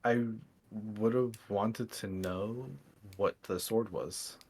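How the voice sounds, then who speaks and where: Husky, hesitant man at a game table. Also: lowish voice, fairly even intonation, extremely slow, a little mellow. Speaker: player. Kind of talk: casual chat at a game table.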